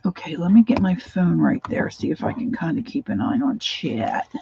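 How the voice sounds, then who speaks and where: A woman casually chatting through a craft livestream from her home craft room, rambling and sometimes dropping into soft whispered asides. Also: lowish voice, sing-song, normal speed, gravelly, muffled recording, background noise.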